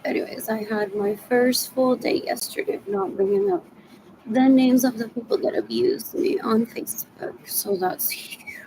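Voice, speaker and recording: A woman's voice: high voice, animated, normal speed, creaky, background noise. A woman in her forties rambling agitatedly in a solo video monologue. She repeats herself and slips between English and Spanish. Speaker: vlogger asking for money.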